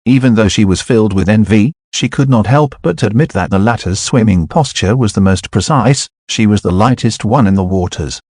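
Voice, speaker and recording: Low-voiced male audiobook narrator. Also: moderate pace, few pauses, darkish tone, no room sound, studio quality. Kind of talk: audiobook narration of a web novel.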